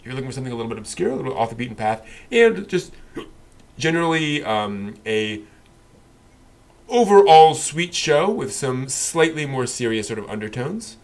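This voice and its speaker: A man's voice: fairly low pitch, fairly bright tone. A man co-hosting a casual anime discussion, rambling with many fillers and restarts. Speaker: podcast co-host.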